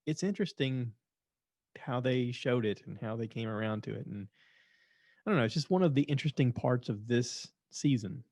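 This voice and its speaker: A man's voice: mid-range voice, a little mellow, dry recording. A man hosting his own show, rambling in a casual, opinionated monologue and repeating himself. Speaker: podcast host. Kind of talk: casual monologue reviewing shows.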